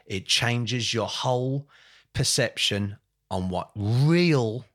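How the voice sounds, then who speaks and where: A man's voice: medium pitch, takes it slowly, a bit bright. A man being interviewed, telling a story with passion, building to angry emphasis, swearing bluntly, repeating phrases and calling the host mate. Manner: speaks in lists and repeated phrases, says mate often. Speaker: podcast guest.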